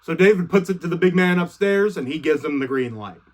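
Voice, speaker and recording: A man's voice: on the high side, expressive, fairly quick. A young man casually retelling a story in slang, swearing freely and offhand.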